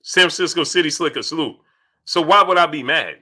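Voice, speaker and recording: A young man hosting a casual live stream, reading viewer chats aloud and answering them in an animated way that repeats itself. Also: on the high side, brisk. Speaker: livestream host reading super chats. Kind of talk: casual livestream chat.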